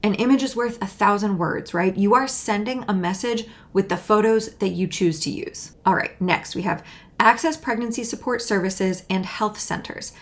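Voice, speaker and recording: A woman's voice: medium pitch, normal speed. A young woman giving fired-up commentary on clips she plays. Her delivery is indignant and sarcastic, often breaking into exasperated outbursts. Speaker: political commentator.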